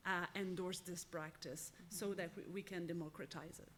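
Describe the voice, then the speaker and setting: A woman from Quebec, a panelist speaking in a halting way and searching for words as she talks. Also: fairly low pitch, steady tone, a bit bright, a little hiss or hum. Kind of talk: conference panel discussion.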